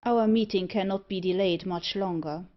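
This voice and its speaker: A woman's voice: medium pitch, fairly even intonation, normal speed, close to an everyday voice. A sinister stranger in a black cloak, read by a woman, speaking in a stern, commanding way. The recording sounds a bit dull and lo-fi.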